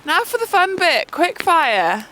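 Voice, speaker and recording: A woman on a beach by a fire, holding the microphone and reading out questions in a brisk, playful way. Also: extremely high pitch, sing-song, bright, forceful tone, slight background noise. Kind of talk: casual chat. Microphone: handheld microphone.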